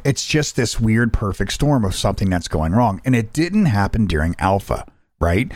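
A man's voice: lowish voice, moderate pace, no room sound, clean studio sound. A young adult man hosting a casual chat, telling a story with acted-out quotes and plenty of swearing. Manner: animated storyteller, acts out quotes, swears freely. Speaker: podcast host.

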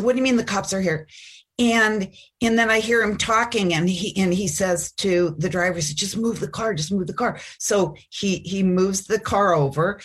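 A middle-aged woman telling a personal story as a guest, halting and full of restarts. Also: medium pitch, slightly rough. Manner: halting, with many restarts and fillers. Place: Chicago.

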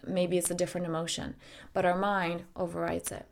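A woman's voice: fairly low pitch, flat delivery, brisk, creaky. A woman life coach talking to listeners in an earnest, direct way, with the odd swear word. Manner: earnest, direct, mildly profane. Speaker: life coach and podcast host. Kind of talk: casual spoken monologue.

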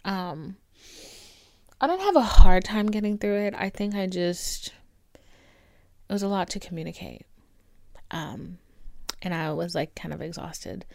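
A woman hosting her own podcast alone at home, talking candidly and swearing freely, with warm pep-talk asides to her listeners. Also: fairly low pitch, expressive, unhurried, creaky, pauses often, dry recording. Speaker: podcast host. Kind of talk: casual solo podcast monologue. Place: indoors at home with her dog. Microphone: camera recording.

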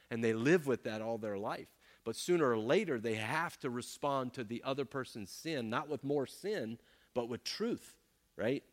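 A man preaching a sermon as pastor, emphatic and fond of rhetorical "right?" checks. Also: medium pitch. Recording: long hall reverb.

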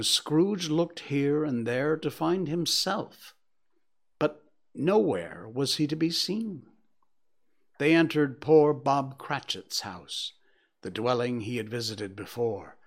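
A man reading a classic story aloud, measured and hushed in quiet passages. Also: mid-range voice. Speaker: narrator.

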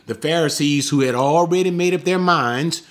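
A man teaching the Bible in a sermon style, emphatic, asking rhetorical questions and slowing down to stress quoted lines. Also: fairly high pitch, fairly bright tone. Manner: slows down sharply to stress quoted words.

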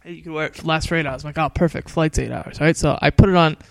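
A man's voice: a little high, steady tone, fast talker, vocal fry. A young man casually telling a rambling travel story to a friend, with many fillers and frequent laughter. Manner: rambling, laughs often, fillers like "anyways" and "right?".

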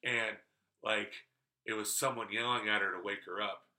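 A man's voice: on the low side, steady tone, fast talker, sharp tone, poor audio. A man hosting a podcast, telling a story in casual chat, rambling and swearing freely. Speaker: podcast host.

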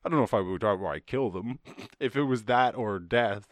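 Recorded dry in a studio, this man's voice sits low and comes out animated and brisk. He hosts a podcast with an Irish accent, drifting through casual conversation and freestyle rap, cursing plenty and laughing at his own expense.

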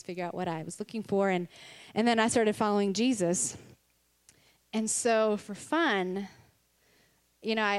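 A woman speaks in an earnest, conversational sermon style, mixing personal stories with faith. Her delivery is candid and personal, and she laughs now and then between points. Her pitch sits in an ordinary middle range for a woman. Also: clean tone. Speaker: Christian speaker.

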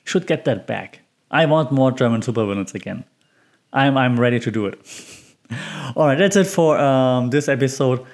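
A man's voice: medium pitch, lively intonation, normal speed. A man hosting his own podcast, talking in a loose, chatty way full of ums and small laughs at himself. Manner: rambling and chatty with frequent ums. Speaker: podcast host. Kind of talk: casual solo podcast commentary.

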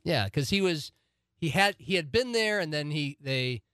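A man's voice: a little high, animated, moderate pace, fairly bright tone, clean tone, dry recording. Chatty male radio host, dry close sound. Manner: chatty, fills in facts, trails off mid-sentence. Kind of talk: casual podcast chat. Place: podcast studio.

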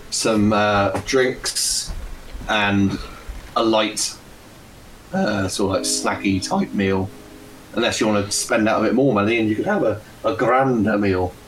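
A man's voice: fairly low pitch, a bit bright, a little hiss or hum. A man narrating a tabletop game as game master, rambling and self-correcting with many fillers.

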